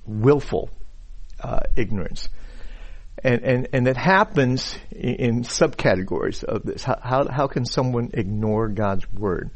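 A man gives a sermon-style Bible teaching at a mid-range pitch. His speech is full of repeated words and restarts, and he presses hard on the words he wants to stress. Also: measured pace. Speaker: preacher teaching scripture. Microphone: uses a pointer and slides.

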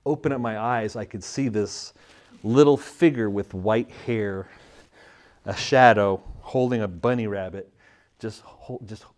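With a fairly low pitch, a darkish tone, and a measured pace, a tired-sounding Canadian man in his thirties gives a relaxed church talk with prayer. He is a church speaker and magazine editor whose manner is funny and self-mocking.

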